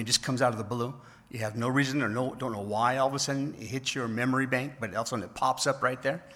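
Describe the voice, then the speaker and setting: A middle-aged pastor preaching a conversational sermon, asking the congregation rhetorical questions. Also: male voice, mid-range voice, pushed and bright.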